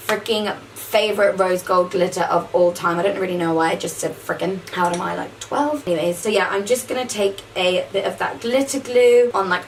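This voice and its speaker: A woman's voice: fairly low pitch, far from the mic, a little hiss or hum, low-quality recording. A woman casually talking through a makeup tutorial, chatty and saying "like" a lot. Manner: chatty, says "like" often. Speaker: makeup vlogger.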